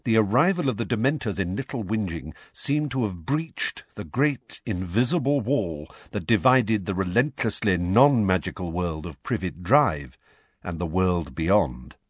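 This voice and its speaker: A man narrating an audiobook in an expressive storytelling manner. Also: low voice, measured pace, slightly rough, no echo, clean studio sound. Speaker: audiobook reader. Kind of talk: scripted narration.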